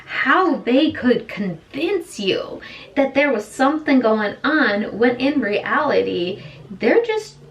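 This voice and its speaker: A woman's voice: on the high side, highs cut off. A young woman chatting casually while doing her makeup, retelling a story and acting out the quoted lines. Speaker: beauty vlogger. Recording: slightly distant with faint room noise.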